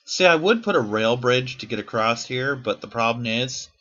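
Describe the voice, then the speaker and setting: Bright-voiced swearing gaming vlogger man. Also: mid-range voice, lively intonation, moderate pace, lo-fi sound. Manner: rambling, profane, self-deprecating. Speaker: YouTuber. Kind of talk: casual gameplay commentary.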